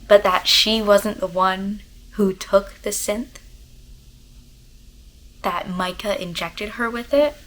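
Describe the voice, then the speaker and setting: A young woman, excitedly rambling about a book to her camera in a casual reading vlog, full of fillers. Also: medium pitch, slow, long pauses, poor audio. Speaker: book vlogger. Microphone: camera mic, talking to camera.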